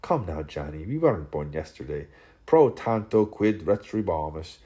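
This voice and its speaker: A man reading a literary audiobook aloud in a theatrical way, shifting his pitch and loudness between the quoted speakers. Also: animated, moderate pace, slightly rough. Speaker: audiobook reader.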